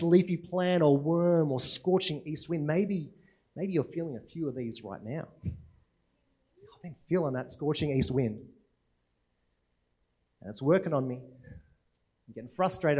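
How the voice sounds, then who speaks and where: A man's voice: on the high side, warm tone. A man preaching a sermon in a conversational way, often asking rhetorical questions and checking in with "right?".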